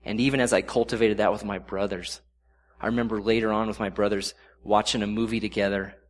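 A middle-aged man giving a sermon with a fairly low voice. He talks in an earnest, conversational way and slows down when he reads scripture aloud. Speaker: preacher.

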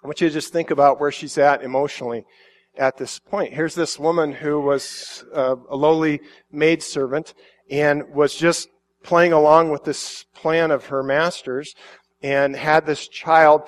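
A man's voice: on the high side, steady tone, a little slow. A middle-aged man preaching a sermon, reading scripture and then talking it through in a loose, conversational way, with restarts and voiced quotes. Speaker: pastor.

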